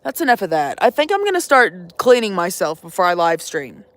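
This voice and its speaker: Sassy, lively young woman livestreaming. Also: lowish voice, a little fast, dry recording. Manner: swearing, teasing, sassy, addresses viewers as y'all. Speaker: vanlife livestreamer. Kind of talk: casual livestream chat. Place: lying in her van.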